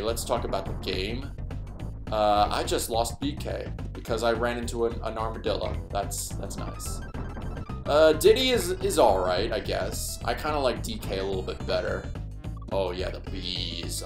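A man commentating a gameplay video in a rambling, self-deprecating way, thinking aloud as he plays. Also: fairly low pitch. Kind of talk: let's play commentary. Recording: echoey room with game music.

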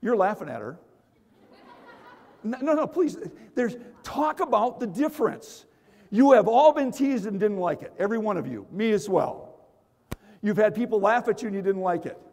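A man's voice: high voice, very animated, moderate pace, a little mellow. A man running a seminar on stage, playful and teasing, calling out to the audience and using volunteers for magic tricks. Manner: playful, teasing, call-and-response with the crowd. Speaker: motivational speaker and magician. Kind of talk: energetic seminar talk with audience participation. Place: large hall with audience. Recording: echoey hall reverb.

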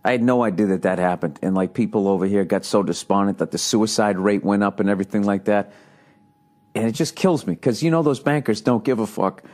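A man's voice: fairly low pitch, a little mellow. A man from the United States, a comedian and podcast host, ranting through a solo monologue with lots of swearing, sarcasm and restarts. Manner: profane, rambling, exasperated ranting; frequent fillers and restarts, sarcastic.

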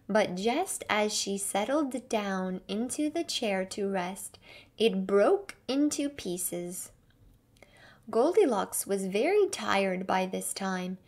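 A woman reading a fairy tale aloud slowly and carefully for English learners. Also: medium pitch. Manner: clear, careful storybook reading. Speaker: English teacher reading a story.

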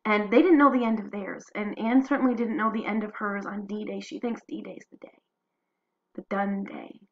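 A woman's voice: mid-range voice, fairly even intonation, normal speed, highs cut off, slight background noise. A woman teacher reading diary entries aloud in an earnest way, then talking loosely about them with plenty of fillers.

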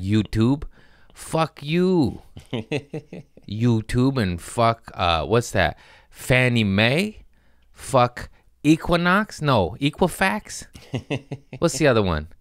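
A man's voice: mid-range voice, no room sound, clean studio sound. A man hosting a podcast in casual chat, rambling and profane, mocking himself and laughing often. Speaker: podcast host.

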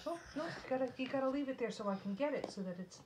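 A woman's voice: sits high, animated, racing, heavy background noise. A woman talking to her nervous dog at home while trimming its nails, soothing and pleading, sometimes scolding sternly. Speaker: dog owner. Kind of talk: coaxing talk to a pet.

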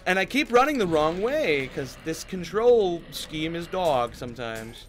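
Frantic man shouting through a game. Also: a little high, sing-song, unhurried, faint music behind. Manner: frantic pleading and swearing at the game. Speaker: gaming YouTuber. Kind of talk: let's play commentary.

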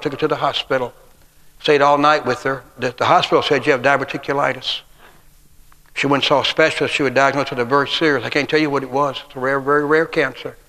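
A man's voice: medium pitch, pushed and bright. A man, preaching a sermon full of humorous personal stories. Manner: folksy, humorous storytelling with acted quotes. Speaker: guest preacher. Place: church sanctuary. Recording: long church hall reverb.

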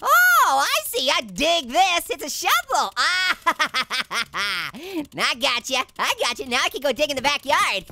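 A squeaky, very high and bright cartoon orange, played by a woman, chatters through a let's play commentary. The voice bounces all over the place, full of silly jokes and giggles at its own gags. It sounds like a hyper fruit having the time of its life. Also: very animated, slow, hardly any pauses, a little hiss or hum, heavily acted. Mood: goofy. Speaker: gameplay commentator.

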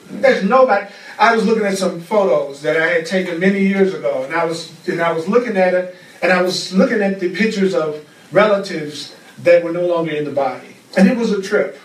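A man's voice: sits high, a little fast. Fervent male teacher in a roomy echo. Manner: fervent, repetitive preaching cadence. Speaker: spiritual teacher. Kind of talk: teaching class. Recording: roomy echo, far from the mic.

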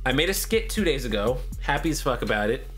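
A young man talks his way through a western video game, swearing freely and bursting into shouts whenever things go wrong. His voice leaps up and down with lively swings. Game music and the clip-clop of horse hooves play underneath him. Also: mid-range voice, fast talker. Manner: excitable, profane, shouting outbursts. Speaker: gaming YouTuber. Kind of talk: casual gameplay commentary.

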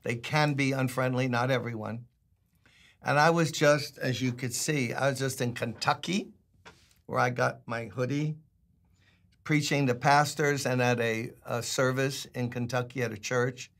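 A man's voice: medium pitch, steady tone, a little slow, a bit bright. An older man with a New York accent, a pastor giving a chatty, emphatic Bible teaching with jokes along the way. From Brooklyn, New York.

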